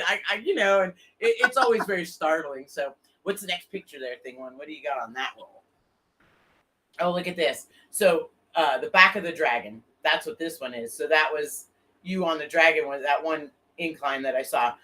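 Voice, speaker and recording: A woman hosting a relaxed talk show, her voice bright and ringing. She tells animated stories about her own rides and swears without a second thought. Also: low-pitched, a little fast. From Florida. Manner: animated storyteller, swears freely. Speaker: podcast host. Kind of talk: casual chat.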